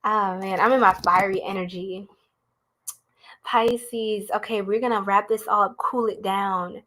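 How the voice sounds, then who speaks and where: A woman's voice: medium pitch, steady tone, a little slow, pushed and bright. A young woman, doing a live tarot reading in a playful, goofy, slangy way and laughing often. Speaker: tarot reader.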